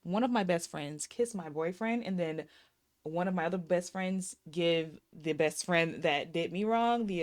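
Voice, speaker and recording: A woman in her thirties with a slightly low voice recaps a movie scene by scene. She is chatty and sassy and talks straight to her viewers. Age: 30s. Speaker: movie reviewer. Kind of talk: casual movie recap and review.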